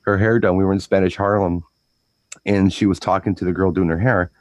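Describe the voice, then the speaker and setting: A man chatting casually as a DJ co-host, telling stories in a rambling, animated way with lots of restarts. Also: low-pitched, fairly quick, no echo. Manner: rambling, animated storytelling with frequent restarts and mimicked voices. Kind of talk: casual chat.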